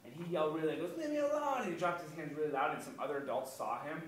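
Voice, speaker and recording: A man coaches a child through karate drills, rattling off counts and praise at a brisk clip. His voice sits a little high for a man and bounces around a bare, echoey studio. He stands back from the microphone, with a faint hiss underneath. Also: recorded from a distance. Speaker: karate instructor. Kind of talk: kids' self-defense lesson. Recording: echoey room, voice from off-mic.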